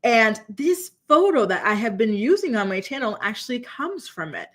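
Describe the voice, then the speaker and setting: A woman's voice: a little high, big pitch swings, moderate pace. Sassy woman host dishing gossip. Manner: sassy, blunt, chatty; talks straight to live chat viewers. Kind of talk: casual reality TV recap commentary.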